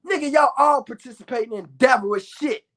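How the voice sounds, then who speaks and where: A man in his thirties delivering a loud, profane ranting monologue to his viewers, with bursts of shouting. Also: extremely high pitch, fairly quick. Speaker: vlogger.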